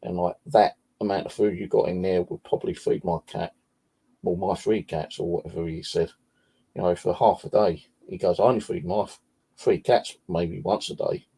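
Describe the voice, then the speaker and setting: Gravelly low-voiced man. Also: steady tone, normal speed, mellow. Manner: swears freely, rambling anecdotes. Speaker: vlogger. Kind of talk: casual storytelling.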